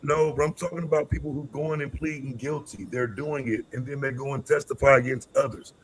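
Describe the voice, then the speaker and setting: A man's voice: mid-range voice, steady tone, a little fast, slight background noise. A man arguing defensively in a live debate stream, insisting on his point. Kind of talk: heated argument.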